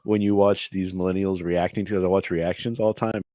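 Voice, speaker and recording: A man with a deep voice co-hosts a loose podcast chat, circling his points with many restarts and chuckles. His voice sits close to the mic in a dry, dead space. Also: fairly even intonation, brisk, dark tone, dry recording. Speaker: co-host. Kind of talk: casual podcast banter.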